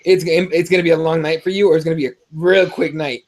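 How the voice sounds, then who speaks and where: High-voiced man ranting about fights. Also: quick pace. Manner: animated, swears freely, ranting. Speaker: podcast host. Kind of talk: profane casual fight talk.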